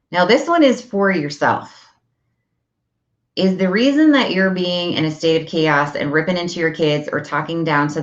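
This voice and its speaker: Woman host, low voice, chatty parenting talk, dull lo-fi recording. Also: echoey room. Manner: chatty, acts out dialogue with her kids. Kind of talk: casual chat. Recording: dull lo-fi audio.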